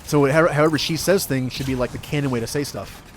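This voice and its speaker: A man streaming a video game, chatting casually and excitably, yelping and laughing as he plays. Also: medium pitch, quick pace, slight background noise. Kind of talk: casual gameplay commentary.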